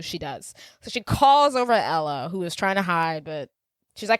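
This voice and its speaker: Woman co-host, casual joking film recap, lower-pitched, dry sound. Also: animated, no room sound. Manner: quick joking asides, acts out lines. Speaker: podcast co-host. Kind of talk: casual movie recap chat.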